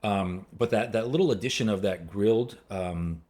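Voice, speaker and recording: Guest chef, male, lowish voice, eager and rambling. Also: moderate pace, a little mellow. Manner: enthusiastic, rambling with fillers. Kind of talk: casual chat.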